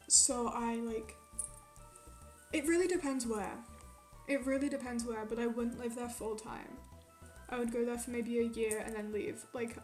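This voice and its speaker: Ranting high-voiced young woman streamer. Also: a little mellow. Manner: rambling, swears a lot, ranting. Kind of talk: casual chat with live chat. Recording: roomy echo.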